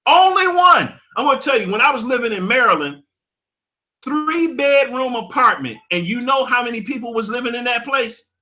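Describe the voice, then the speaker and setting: A man's voice: extremely high pitch, fairly quick, sharp tone, dull audio. A man, giving an impassioned monologue that repeats phrases for emphasis. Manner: preachy, emphatic, repeats phrases, laughs at his own points. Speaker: commentator.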